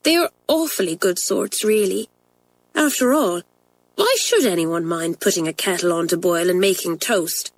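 A woman reading the part of a thoughtful, honest schoolgirl twin in a storybook, speaking a little higher than her narration. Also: moderate pace, dry recording. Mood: sincere. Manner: sincere, reflective.

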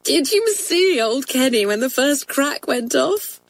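Woman doing a giggling schoolgirl, breathless with laughter, high, storybook. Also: very animated, a little slow, creaky, no echo, heavily acted. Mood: giggly. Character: giggling schoolgirl in a rowdy class.

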